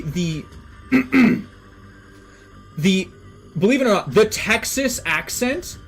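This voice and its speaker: Streamer, mid-pitch voice, casual rambling chat full of cursing, quiet music underneath. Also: poor audio. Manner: rambling enthusiastic tangents with swearing. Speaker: live streamer.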